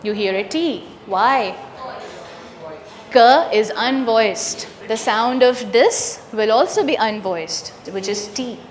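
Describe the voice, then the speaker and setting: Woman teacher trainer quizzing the room, talks slow, voice a bit high, big echoey hall. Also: expressive. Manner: asks the room questions and confirms answers. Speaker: workshop trainer. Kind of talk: interactive teacher training lesson. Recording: echoey room with long reverb.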